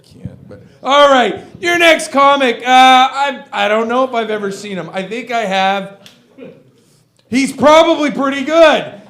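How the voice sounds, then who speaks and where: A man hosts an open-mic comedy night, his voice pitched very high. He ribs the performers with offhand, teasing banter before calling up the next act. The tone stays loose and casual. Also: animated, unhurried, a bit bright, echoey room. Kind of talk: introducing comics.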